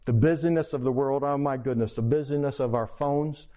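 A man's voice: medium pitch, fairly even intonation, fairly quick, mellow. An older man preaching a sermon as a pastor, earnest and pleading, telling stories to make his point. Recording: dull lo-fi recording.

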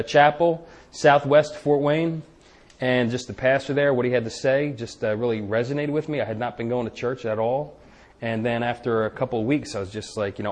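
A middle-aged man shares his personal recovery story with a live audience, speaking candidly and conversationally, and his voice drops quiet and low whenever he recalls his own thoughts.

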